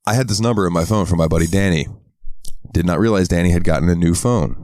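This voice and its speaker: A man's voice: sits low, fast talker, a little mellow, no room sound, clean studio sound. A man co-hosting a podcast in casual chat, telling stories, acting out quotes and swearing often. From American South. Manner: storytelling, acts out quotes in a raised voice, swears often. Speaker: podcast co-host.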